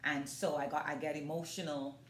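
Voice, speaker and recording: A motivational vlogger addresses her viewers directly in an earnest, casual demonstration vlog. Her low-pitched voice is flat and a little fast, and the recording has a roomy echo.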